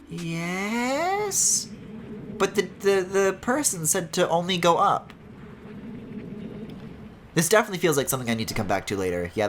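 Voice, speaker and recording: A man commentates his own gameplay in a lively, rambling way, his voice leaping up and down in pitch as he jokes and tells stories. He swears casually and laughs often. A faint noise floor sits under the voice. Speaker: streamer. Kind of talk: casual let's-play commentary.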